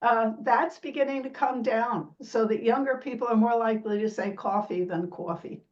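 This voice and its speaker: A woman's voice: a little high, fairly even intonation, normal speed, distant mic, dull audio. A woman sociolinguist explaining speech sounds in an interview, imitating vowels and laughing lightly as she talks. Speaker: sociolinguist guest.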